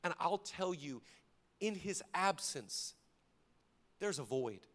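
A male pastor delivering a sermon with a high, bright voice. He drops to hushed, close passages and then rises to shouted emphasis. He acts out bits of dialogue as he preaches. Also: animated, takes it slowly.

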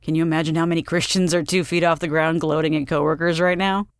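Casting: woman playing a dry, unbothered husband, low and flat, close dry sound. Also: fast, no room sound. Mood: deadpan. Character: deadpan skeptical husband.

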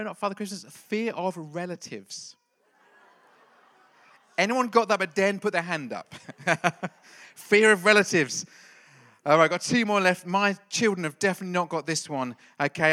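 Male pastor, middle-aged, playful teasing delivery, tense bright tone. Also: sits high, normal speed. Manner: playful, jokey, quizzes the congregation. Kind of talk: lively church talk with a quiz.

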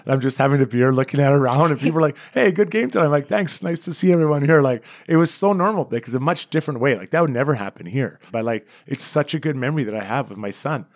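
A Canadian man in his forties tells stories from his playing days at a brisk clip. He is chatty and self-deprecating, and he livens up as he retells a scene. The sound is dry and close, with no room in it. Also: medium pitch, dry recording. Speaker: former hockey player, guest. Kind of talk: casual interview storytelling.

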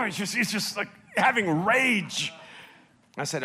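A man from El Salvador preaching a sermon, telling stories with big swings from soft to loud. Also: high voice, sing-song, moderate pace, slightly rough. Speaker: pastor.

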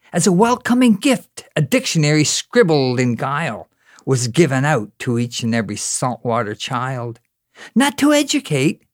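A man's voice: medium pitch, no room sound, studio quality, natural voice. A man putting on blustering plotting officials. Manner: blustering, cursing proclamation. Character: scheming male officials plotting in howls and curses.

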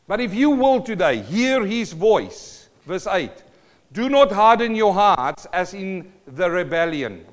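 A man's voice: on the high side, long reverb tail. A man preaching a sermon, emphatic and calling out to the congregation for responses.

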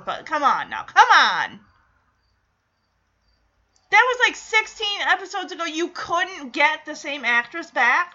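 A high, bright woman gushes through a casual TV episode recap, laughing and acting out each character's lines as she goes. Her voice rings sharp and lively. The recording sounds a touch muffled.

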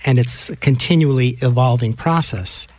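A man's voice: medium pitch, normal speed, a little mellow. A man hosting a radio interview, asking thoughtful, reflective questions. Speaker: radio show host, interviewer. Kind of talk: interview conversation.

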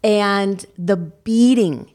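A woman's voice: mid-range voice, drawn-out words, darkish tone. A woman co-hosting a broadcast program, chatting casually and telling a story. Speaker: co-host. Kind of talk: casual chat.

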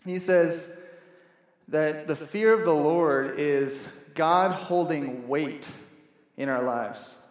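Earnest young preacher in an echoey hall. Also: male voice, fairly high pitch, slow pace. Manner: earnest, conversational preaching with restarts and emphatic repeats. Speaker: pastor. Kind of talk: sermon. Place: church hall.

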